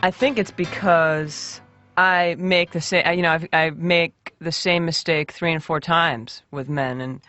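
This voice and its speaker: A man's voice: on the high side, steady tone, a little slow, sharp tone, lo-fi sound, soft background music. A man giving a wry, self-mocking comic monologue.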